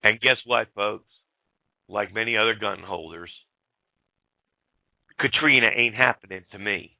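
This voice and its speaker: A man with a gravelly voice hosts a talk show, blunt and fired up as he talks straight at his listeners. His voice is sharp and forceful, and the recording is very dry. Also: lowish voice, measured pace, dry recording. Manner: blunt, fired-up, swears and addresses folks directly. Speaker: radio show host. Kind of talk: casual talk radio rant.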